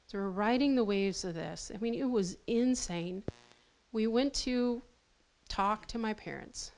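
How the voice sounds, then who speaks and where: A woman giving a personal testimony at a seminar, telling her story haltingly with restarts and nervous laughs. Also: on the high side. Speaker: seminar speaker.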